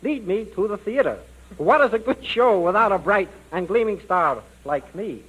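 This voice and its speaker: An actor playing a pompous ham that sees itself as a vain stage star and speaks in a theatrical, grandiose way. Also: male voice, high-pitched, animated, normal speed, fairly bright tone, husky, heavily acted, low-quality recording.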